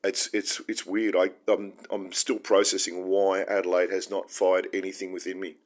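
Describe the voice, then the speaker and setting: An Australian man hosts his own show, talking through his feelings in a heartfelt, earnest and rambling solo monologue. His voice is low and level in tone, at a moderate pace.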